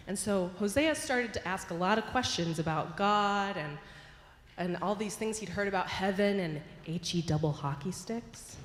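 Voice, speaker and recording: A woman minister telling a story in a sermon, playful and animated, in a church sanctuary. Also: medium pitch. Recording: echoey hall with long reverb, faint ambience.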